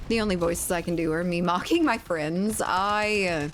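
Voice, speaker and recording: Cajun woman streamer, low voice, loose rambling chatter with casual swearing, faint game gunfire behind. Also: lively intonation, unhurried, slight background noise. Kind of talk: casual chat while gaming.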